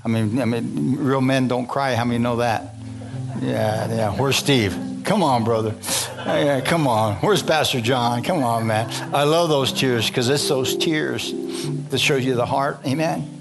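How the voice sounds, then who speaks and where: A man's voice: mid-range voice, a little slow, vocal fry, over music. An older man preaching a fervent, folksy sermon in a church, calling the congregation for amens and hallelujahs.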